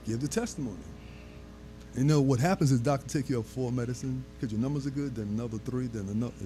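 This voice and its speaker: Mellow-voiced man explaining, "okay?" after points. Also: mid-range voice, quick pace, soft background music. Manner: explanatory, checks in with frequent "okay?". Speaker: holistic health guest. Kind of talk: talk show discussion.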